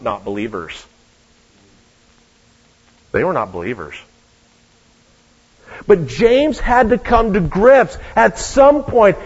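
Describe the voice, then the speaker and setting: A man preaching a sermon as a guest preacher, telling stories with joking asides. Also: sits high. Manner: lively storytelling with joking asides. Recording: dull lo-fi recording.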